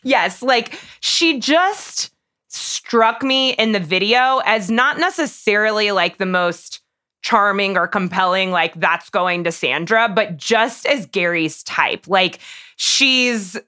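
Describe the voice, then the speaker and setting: Bright-voiced young woman, chatty podcaster. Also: mid-range voice, expressive, takes it slowly, clean tone. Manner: chatty, effusive, many "like" fillers. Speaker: podcast co-host. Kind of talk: casual chat.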